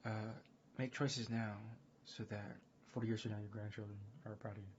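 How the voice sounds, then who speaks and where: A man streaming casual chat, rambling and excitable, full of fillers and restarts. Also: on the low side, moderate pace, a little hiss or hum. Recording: dull lo-fi stream audio.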